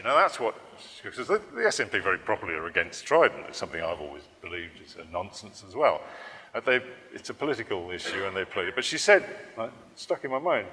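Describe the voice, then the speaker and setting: Deep, bright-toned cartoonist in an echoing hall. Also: male voice, sing-song, fast talker. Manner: rambling, self-correcting, dry humor. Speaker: political cartoonist. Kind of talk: public talk.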